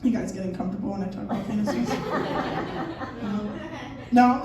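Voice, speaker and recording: A woman in her thirties doing a crude, animated stand-up comedy set on a comedy theater stage, acting out scenes in shouted voices. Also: medium pitch, normal speed, pauses often, a crowd in the background. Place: comedy theater stage before a laughing audience. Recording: distant, echoey club recording with audience noise.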